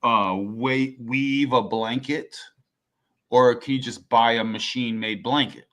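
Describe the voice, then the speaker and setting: A man in a casual conversation, telling a quick anecdote in an animated, chatty way with fillers. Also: mid-range voice.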